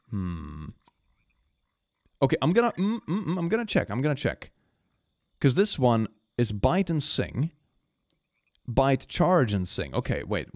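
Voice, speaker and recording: A man streaming a game, commenting casually and excitably, swinging between gushing and mumbling with frequent laughs. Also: medium pitch, no room sound, clean studio sound.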